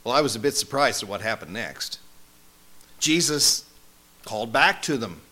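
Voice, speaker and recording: A man playing a male disciple who recalls his travels in a first-person monologue, wry and conversational, with lively swings in emphasis. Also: mid-range voice, normal speed. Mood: earnest recollection. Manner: conversational, wry, animated storytelling.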